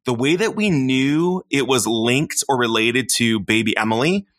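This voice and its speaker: A man in his thirties co-hosting a podcast, telling parenting stories in a casual, animated way and often acting out his young son. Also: moderate pace, no echo, clean studio sound. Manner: animated storyteller, acts out his toddler in a high voice. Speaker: podcast co-host, father. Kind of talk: casual chat.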